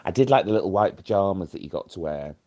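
A man's voice: low voice, animated, fast talker, mellow. Campy man on a lo-fi voice note. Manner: camp, theatrical, playful. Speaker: caller leaving a voice note. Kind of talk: chatty voice message. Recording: dull lo-fi voice note.

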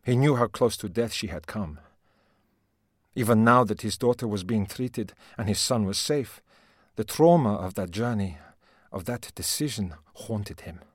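A man's voice: on the low side, expressive, a little slow, no room sound, clean studio sound. A man reading a heartfelt first-person story as scripted narration, with an emotional manner. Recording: narration over music.

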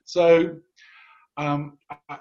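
A man in his fifties chats about politics with a dry, sardonic edge, often stumbling and restarting his sentences. His voice sits a little high for a man, and the recording sounds dull and lo-fi. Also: flat delivery, very slow, a little mellow. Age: 50s. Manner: wry, sardonic, frequent restarts. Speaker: podcast guest commentator. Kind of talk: casual political chat.

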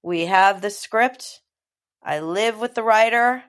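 A middle-aged woman from Los Angeles talks casually as a guest. She is chatty and animated, at a middle pitch for a woman, and tells her stories with quick asides. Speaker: interview guest, film producer. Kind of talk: casual conversation.

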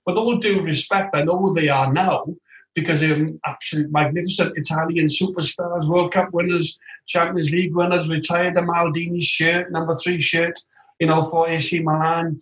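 A man as an interview guest, telling football anecdotes in an animated way and acting out other voices, recorded remotely. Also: on the high side, normal speed. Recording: roomy echo, distant from the mic.

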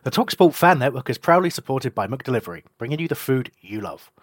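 A man reading a radio advert in an upbeat, lively way. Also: mid-range voice, fast talker, no room sound, studio quality, soft background music. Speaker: advert announcer. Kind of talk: read advert.

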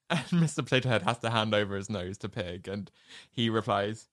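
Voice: medium pitch, brisk, a bit bright, no echo, clean studio sound. A podcast co-host in casual chat, telling stories animatedly and laughing often.

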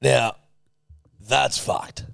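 A man's voice: mid-range voice, extremely slow, creaky, dry recording, studio quality. Joking man, podcast co-host. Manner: joking, rambling, deadpan quips. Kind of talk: casual chat.

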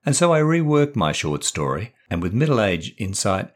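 A man, a podcast host and author, calmly narrating his own short story. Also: lowish voice, normal speed. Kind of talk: scripted narration.

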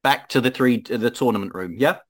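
A man's voice: mid-range voice, a little fast. A man narrating as game master of a tabletop game, hesitant and full of fillers.

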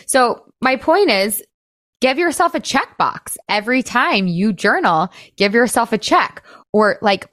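A woman's voice: medium pitch, fairly bright tone, dry recording, clean studio sound. A woman weight-loss coach talking to her listeners in a chatty, upbeat way, often saying "like" and laughing. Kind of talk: casual coaching talk.

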